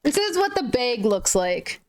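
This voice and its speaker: Bubbly high-voiced Minnesotan young woman. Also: sing-song, unhurried, a little hiss or hum. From northern Minnesota. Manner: bubbly, chatty, giggly. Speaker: streamer. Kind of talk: casual gaming stream chat.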